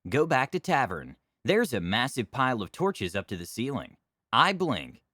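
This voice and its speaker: A man narrating a tabletop game story with wry, deadpan humor. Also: mid-range voice, moderate pace, no room sound, studio quality.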